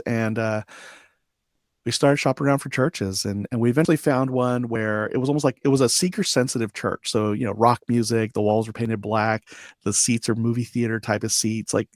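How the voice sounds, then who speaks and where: Man, forties, podcast guest, storytelling, acts out quotes, mid-pitched voice, dry close recording. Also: dry recording. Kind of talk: storytelling interview.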